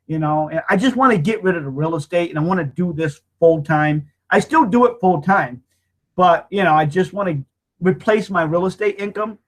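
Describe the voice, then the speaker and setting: A man's voice: a little high, fairly bright tone. A man in his fifties talking straight to his webcam, earnest and rambling, often repeating himself as he hosts a weekly online hangout. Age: 50s. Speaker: marketing hangout host. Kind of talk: casual heartfelt monologue.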